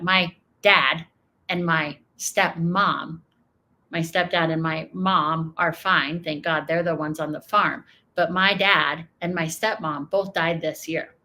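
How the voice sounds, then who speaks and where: A woman's voice: lowish voice, pushed and bright. An American woman giving emotional, emphatic political reaction commentary, often repeating her points. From United States. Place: home.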